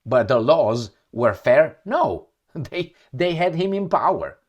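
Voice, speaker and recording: Male political commentator, sarcastic and scornful, lively swinging pitch, reads news and mocks it with rhetorical questions. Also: slow, lo-fi sound. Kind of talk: opinionated monologue reading and reacting to news.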